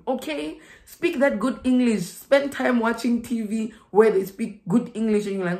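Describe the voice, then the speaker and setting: A woman's voice: a little high, normal speed, hardly any pauses, darkish tone. Chatty South African woman in an echoey room. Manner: chatty, laughing asides, emphatic repeats. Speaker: vlogger giving migration advice. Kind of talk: casual advice vlog.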